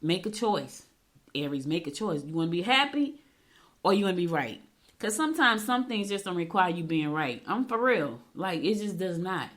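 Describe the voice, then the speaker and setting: A middle-aged woman hosting a horoscope segment, giving chatty advice and telling quick storytelling asides. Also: lowish voice. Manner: talks fast when excited. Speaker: radio show host. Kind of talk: casual horoscope segment with chat.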